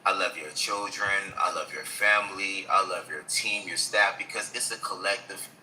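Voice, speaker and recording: A man's voice: sits low, fairly even intonation, normal speed, bright, forceful tone, a little hiss or hum, rough recording. A man giving an earnest, emotional live-stream testimony, repeating himself as he holds back tears. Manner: earnest, repeats phrases, stumbles over words.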